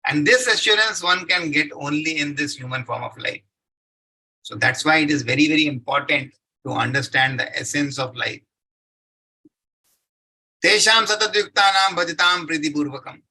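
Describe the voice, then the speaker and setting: A man's voice: a little high, moderate pace, bright, forceful tone, breathy edge, low-quality recording. A man giving a devotional scripture lecture. He recites Sanskrit verses, then explains them, and keeps asking his listeners questions that he answers himself. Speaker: scripture class speaker.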